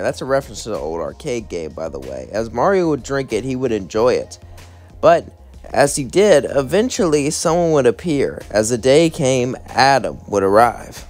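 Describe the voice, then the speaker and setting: A young man narrating a fan story for his channel in a loose, chatty way. His voice is mid-pitched and lively, and he rambles with small giggles. Quiet music plays behind him. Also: moderate pace. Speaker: channel host.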